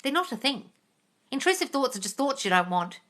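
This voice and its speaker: A woman's voice: high voice, sing-song, fairly quick, fairly bright tone. A woman on a casual live stream, reading viewer comments and answering them in a blunt, exasperated manner with a lot of swearing. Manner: reads viewer comments aloud.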